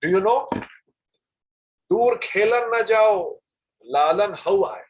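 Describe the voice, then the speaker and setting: A man's voice: fairly high pitch, expressive, measured pace, muffled recording. A man voicing a worried, loving mother who warns her small son about a monster in a devotional story. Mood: warning. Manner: coaxing, warning with big descriptions.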